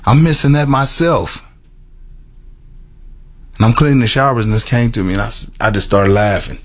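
A middle-aged or older man giving an earnest personal testimony to a group, with halting, repetitive phrasing and many restarts. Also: medium pitch. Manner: earnest and emotional, laughs at himself. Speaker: formerly incarcerated man telling his story.

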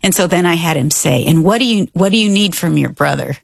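A woman's voice: on the low side, expressive, a little fast, vocal fry, no room sound, clean studio sound. A mother telling a family story in casual conversation, acting out her children's words as she goes. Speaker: co-host, mother.

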